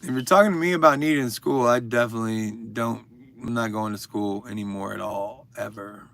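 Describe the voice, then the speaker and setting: Livestream host, man in his thirties, gravelly, crude rambling humor. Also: on the low side, a little fast, a bit bright. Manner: joking, crude and rambling, addressing viewers by name. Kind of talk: casual chat reading viewer comments.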